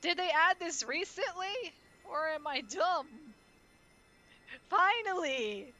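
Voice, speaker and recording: A woman's voice: extremely high pitch, unhurried, bright, forceful tone, muffled recording, soft background music. A woman giving chatty, joking let's-play commentary while streaming a game, talking to her viewers.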